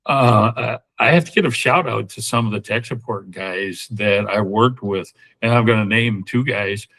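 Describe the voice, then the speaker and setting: A man's voice: on the low side, moderate pace, fairly bright tone, low-quality recording. A man in his sixties, a podcast guest talking in a casual, rambling way with lots of fillers and restarts. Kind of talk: casual interview talk.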